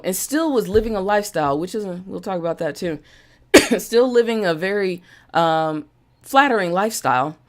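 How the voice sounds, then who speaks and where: A woman hosting a live-streamed motivational talk, emphatic and repeating phrases for emphasis, with an occasional cough. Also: on the low side. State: coughing now and then. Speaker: podcast host and business coach.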